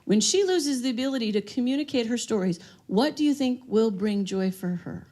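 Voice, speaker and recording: A woman's voice: on the high side, lively intonation, fairly quick, dark tone. A woman giving a live seminar talk on dementia care, telling stories and asking the room questions. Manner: storytelling, asks the audience questions. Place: room with an audience.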